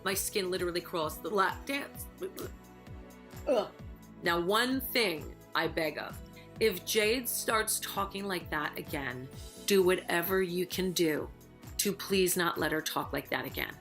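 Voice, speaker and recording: A woman speaks in a bright, forceful voice, sassy and emphatic as she gives her views on the people in the house. She gossips with plenty of attitude. Faint music plays behind her. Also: lowish voice, lively intonation, a little slow. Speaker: former housemate giving opinions. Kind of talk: recorded opinion piece to camera.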